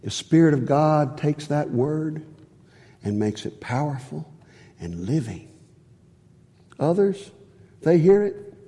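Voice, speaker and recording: A man preaching a sermon in a church, earnest, swinging from high emphatic phrases to low quiet ones. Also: big-room sound. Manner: earnest, rises high on key phrases and drops low on others.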